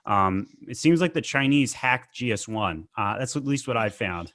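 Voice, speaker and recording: A man hosting a podcast interview, talking casually and clearing his throat between points. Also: medium pitch, lively intonation, a bit bright, no echo. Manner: conversational, clears throat, quick asides. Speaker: podcast host.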